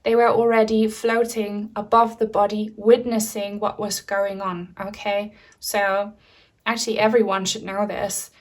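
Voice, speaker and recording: A woman reading tarot cards for viewers, speaking in a gentle, reassuring and chatty way. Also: medium pitch, little pitch movement, measured pace. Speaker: tarot reader.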